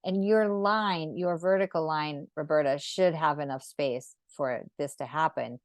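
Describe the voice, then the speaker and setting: A woman leading a live online geometry drawing lesson, speaking gently and unhurriedly and often checking in with "right?". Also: deep voice, measured pace, no echo. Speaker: sacred geometry teacher.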